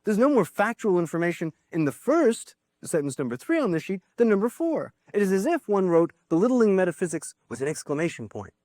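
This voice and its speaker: A man's voice: sits high, very animated, fairly quick, few pauses, darkish tone, no echo, clean studio sound. A man giving a philosophy lecture to a class, thinking aloud with small restarts and asides.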